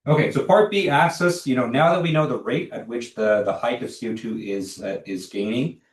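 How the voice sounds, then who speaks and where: A man's voice: medium pitch, brisk. A young man lecturing a university class in a casual, filler-heavy way, often stopping to check for questions. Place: lecture hall. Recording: echoey lecture hall, distant mic.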